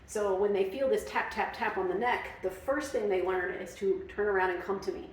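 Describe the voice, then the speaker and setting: A woman's voice: medium pitch, brisk, recorded from a distance, slight background noise. Chatty woman explaining in an echoey room. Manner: chatty, explanatory, many fillers. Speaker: dog trainer. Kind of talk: casual training demonstration.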